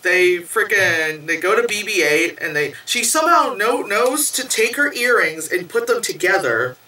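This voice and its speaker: A movie reviewer rattles through a plot recap, swearing freely and filling every gap with "like". The voice is bright and sharp. It sounds roomy and a bit distant from the mic. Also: medium pitch, very animated, moderate pace, slight background noise. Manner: rambling, swears often, says "like" a lot. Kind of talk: casual, profane movie recap.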